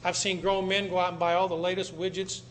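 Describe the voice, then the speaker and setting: Man, American, lecture to an audience, blunt, dramatic, high voice, echoey room, faint background noise. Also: flat delivery, quick pace. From United States. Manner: blunt, dramatic, with sudden loud bursts. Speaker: public speaker.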